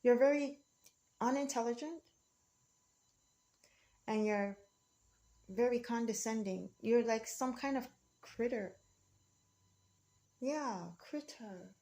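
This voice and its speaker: A woman's voice: fairly high pitch, slow, pauses often, warm tone. A woman speaking in an emotional, rambling monologue, defiant and often repeating herself.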